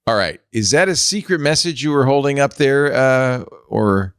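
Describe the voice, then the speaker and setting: A man's voice: mid-range voice, lively intonation, normal speed, clean tone, no echo, clean studio sound. Wry male tech show host. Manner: chatty, wry, loose with fillers. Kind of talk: casual panel chat.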